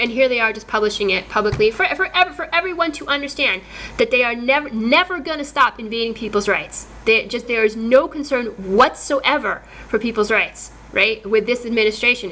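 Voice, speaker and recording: A woman's voice: on the high side, sharp tone, rough recording. A woman talking to her camera in a casual monologue, agitated, often repeating and restarting her words. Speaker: vlogger.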